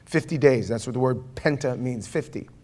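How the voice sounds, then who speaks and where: A male pastor preaching in a church, his voice at an everyday middle pitch. He talks conversationally and keeps asking the congregation questions. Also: moderate pace, a little mellow. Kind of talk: sermon with opening prayer.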